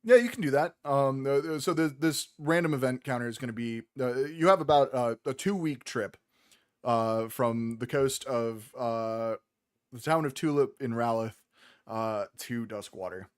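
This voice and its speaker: A man narrating as game master of a tabletop game, relaxed, with many ums and uhs. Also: medium pitch, moderate pace, clear, resonant tone.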